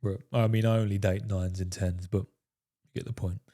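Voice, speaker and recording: A man with a low, mellow, dark voice delivers a coaching monologue to his viewers. He talks emphatically and curses freely, tagging his points with "fellas" and "right?". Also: little pitch movement, normal speed. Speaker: dating coach.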